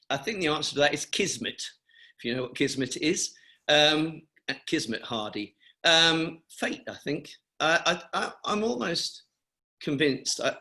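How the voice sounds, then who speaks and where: A man's voice: medium pitch, bright, forceful tone. Older english guy on a video call, rambling chatty stories, lots of ums and restarts. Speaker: interviewee, cancer charity founder. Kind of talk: webinar interview, anecdotal storytelling.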